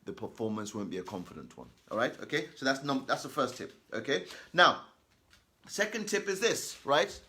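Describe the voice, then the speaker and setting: Bright-voiced guy teaching kids to read out loud, very up and down, keeps saying okay. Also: medium pitch, sing-song. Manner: emphatic, repeats okay and all right constantly; reads example sentences slowly and deliberately. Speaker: teacher giving reading tips. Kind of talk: lesson to children on reading aloud.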